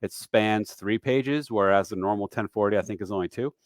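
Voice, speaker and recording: A man's voice: fairly low pitch, brisk, no room sound, clean studio sound. A man in his forties hosting a casual live-stream lesson on retiree taxes, chatty and self-deprecating, slipping in dad jokes between fillers. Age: 40s.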